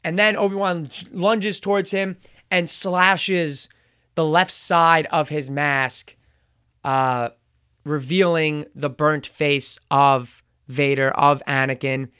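A man with a fairly high, smooth voice walks through a show's scenes in a relaxed, chatty review. He trips over words, corrects himself and fills gaps with "um". The sound is dry and close, with no room around it. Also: takes it slowly, no echo. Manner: chatty, retells scenes with fillers and self-corrections. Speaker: show reviewer. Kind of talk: casual recap and review.

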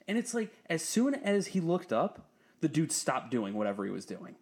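Fairly quick and pitched on the high side, a young man relates a long story in relaxed chat, full of swearing. He laughs frequently, and quoting others makes him animated as his voice climbs.

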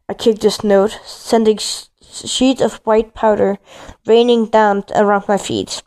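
A woman's voice: medium pitch, flat delivery, measured pace, darkish tone. A woman reading a first-person story aloud, stumbling and restarting now and then. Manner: reads with frequent slips and restarts.

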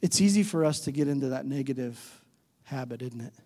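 A man's voice: expressive, brisk, dark tone. A man preaching a sermon as pastor, talking conversationally and putting questions to the congregation, acting out quoted voices. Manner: acts out quoted voices with shifting pitch. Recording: reverberant hall.

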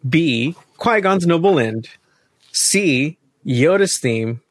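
A man's voice: on the high side, animated, slow pace, no room sound. Chatty man hosting trivia, dry sound. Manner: chatty, self-correcting with many fillers. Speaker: quiz co-host. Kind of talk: casual podcast trivia chat.

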